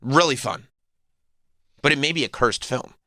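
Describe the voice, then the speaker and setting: A male talk-radio host with a bright, forward voice, opinionated and rambling. He sits close on a studio mic in a dry room with no reverb. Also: medium pitch, animated. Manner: opinionated, rambling, quick to riff. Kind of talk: casual talk-radio chat.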